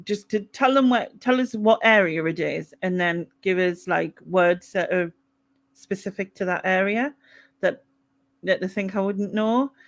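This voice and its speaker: Chatty Mackem woman hosting a live chat. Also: lowish voice. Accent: Mackem (Sunderland). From North East England. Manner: chatty, laughs often, reads out chat comments. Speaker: live stream host.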